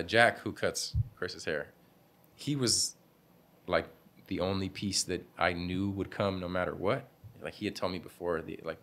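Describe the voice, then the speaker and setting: A young barbershop owner, appearing as a guest in a casual interview, tells stories in a low, fairly bright voice. He's laid-back and slangy, laughs often, and acts out what people said.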